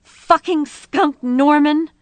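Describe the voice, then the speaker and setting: A woman voicing a battered adult woman who is crying, shrill and furious. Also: moderate pace, creaky, darkish tone, no echo. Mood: tearful rage. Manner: sobbing, shrill, furious outbursts.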